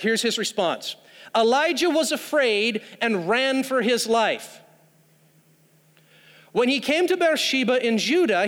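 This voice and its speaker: A man's voice: very high-pitched, a bit bright. A man preaching a sermon, telling a story with humorous asides. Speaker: pastor. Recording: long hall reverb.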